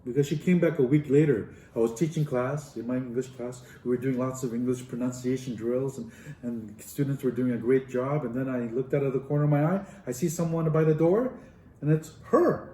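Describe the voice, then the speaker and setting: A man's voice: medium pitch, brisk, dark tone, far from the mic, slight background noise. A man who is a professor, telling a story to a live audience and acting out the dialogue with big swings in his voice. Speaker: professor and speaker. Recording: roomy hall echo.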